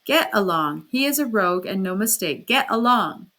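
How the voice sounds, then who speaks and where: A woman voicing a huge, gruff male peasant porter who talks in a dismissive way. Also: mid-range voice, lively intonation, moderate pace, pushed and bright.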